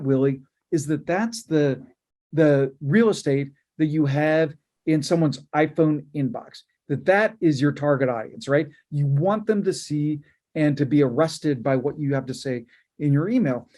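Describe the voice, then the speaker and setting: Male interview guest, cofounder type, persuasive and emphatic, mellow slightly raised voice. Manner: emphatic, fast-flowing explaining with pitches. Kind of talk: interview answer.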